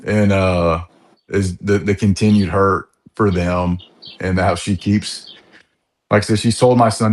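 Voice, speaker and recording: Frustrated fortyish man with a slightly low voice, on a coaching call. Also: fairly even intonation, a little slow. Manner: frustrated, retells conversations. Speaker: coaching client. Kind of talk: casual call.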